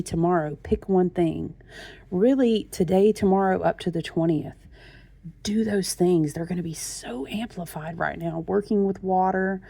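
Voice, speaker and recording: A woman talks to her viewers as a tarot reader in a gushing, chatty way. Her voice is low and gravelly with lots of fry. The recording is dry and close. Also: dark tone, dry recording. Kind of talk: casual chat.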